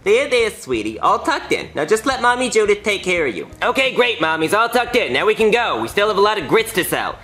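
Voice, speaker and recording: Man voicing a flirty mother cow, brash, bright, animated. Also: high-pitched, fairly quick, few pauses, full character voice. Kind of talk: puppet comedy sketch.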